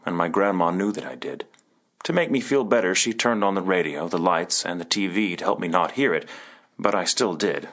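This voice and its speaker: A man reading a submitted true ghost story aloud in a measured, solemn way. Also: sits low, fairly bright tone. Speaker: story reader.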